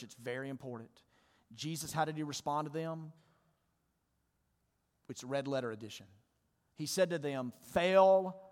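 A male pastor giving a sermon in a church, talking conversationally and asking his congregation questions. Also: fairly high pitch. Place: church sanctuary. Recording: long church reverb.

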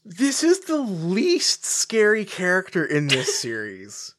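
A woman's voice: lowish voice, wildly swooping pitch, slow. A woman co-hosting a podcast, chatting casually, rambling and correcting herself as she talks things through, and sometimes reading aloud. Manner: rambling, self-correcting, laughing. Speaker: podcast co-host.

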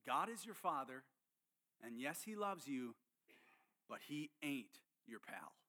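A man voicing a kind but firm older male professor who speaks in a measured way. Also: medium pitch, very animated, bright, forceful tone, heavily acted.

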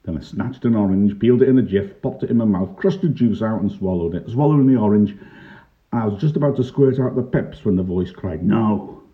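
Older man, low voice, wry storytelling. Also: fairly quick. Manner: wry, dry humour. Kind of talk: reminiscing first-person story narration. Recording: tinny lo-fi narrow-band recording.

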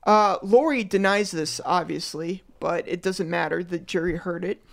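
A woman's voice: on the low side, normal speed, vocal fry. A woman hosting a casual true-crime podcast, rambling with lots of fillers and frequent laughter. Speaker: podcast host.

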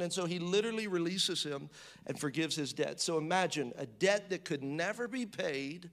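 Male preacher, slightly high voice, emphatic bursts and hushed readings, conversational asides. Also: animated, moderate pace. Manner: swings between loud emphatic bursts and hushed low reading. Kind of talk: sermon.

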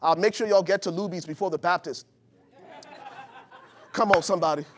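A man preaching a sermon to his congregation, swinging from loud urgent peaks to low soft passages and calling out to the room. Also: fairly quick, some chatter behind. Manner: calls out to the congregation. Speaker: pastor. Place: church before a live congregation.

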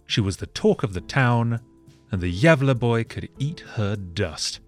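A man narrating a comedic history story with sardonic, deadpan asides. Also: medium pitch, a little slow, faint music behind.

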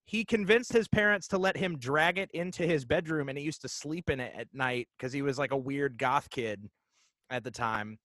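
Man in his 30s, bright slightly high voice, chatty ghost story, lots of ums, dry close mic. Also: no room sound. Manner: animated, halting with fillers and restarts. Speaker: guest telling a ghost story. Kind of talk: casual storytelling chat.

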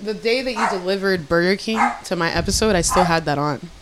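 A woman hosting a podcast in casual banter, blunt and animated, laughing often. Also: fairly low pitch, a little fast. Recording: loud background noise.

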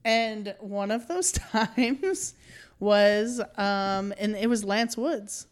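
A woman's voice: mid-range voice, very slow, clean tone. A woman who books comics for a club, chatting casually and laughing easily as she tells stories. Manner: relaxed storyteller, laughs often. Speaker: comedy club booker and host. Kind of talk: casual chat.

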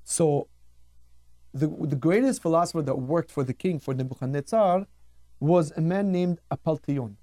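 A man's voice: fairly high pitch, normal speed, mellow, no room sound, clean studio sound. A man teaching a radio Torah class, telling stories in an emphatic style and repeating words for effect.

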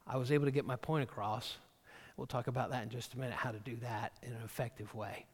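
A man's voice: mid-range voice, steady tone, fast talker, a little mellow. A man preaching a sermon as a pastor in a church, talking conversationally and often repeating words as he starts a phrase. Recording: long reverb of a large hall.

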